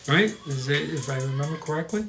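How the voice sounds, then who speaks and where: A man's voice: on the high side, fast talker, fairly bright tone. A man with an American accent hosts a live stream in a loose, rambling way. He chats casually and trips over unfamiliar words. Faint music plays underneath. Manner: rambling, chatty, stumbles over pronunciations. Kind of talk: casual live-stream chat reading comments.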